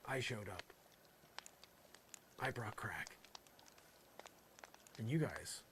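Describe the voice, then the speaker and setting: Speaking slowly with frequent pauses, a comedian with a fairly low voice improvises a character monologue. Amid background noise, his sarcastic, rambling rant lurches from exasperated outbursts to muttered asides.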